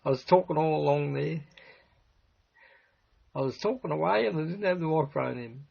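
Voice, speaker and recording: A man's voice: on the high side, normal speed, creaky, breathy edge. A man hosting a livestream, meandering through his thoughts with many restarts. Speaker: livestream host. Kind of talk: rambling livestream chat. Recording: dull lo-fi stream audio.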